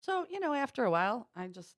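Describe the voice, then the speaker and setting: A Midwestern American woman co-hosts a morning radio show, chatting animatedly and laughing as she tells stories. Her voice is a little high with big pitch swings and a quick pace. The studio recording is clean, with no echo.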